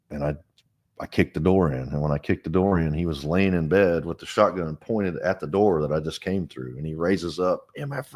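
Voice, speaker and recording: A man's voice: deep voice, darkish tone. A man being interviewed as a guest, telling a personal story in a frank, earnest, rambling way with frequent restarts. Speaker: interview guest, foundation director.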